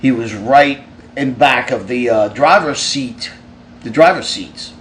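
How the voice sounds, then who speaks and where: A man's voice: mid-range voice, slow, a bit bright, slight background noise. A man on a live stream, casually telling a rambling, profane story and answering fan questions. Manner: rambling, profane, with frequent restarts.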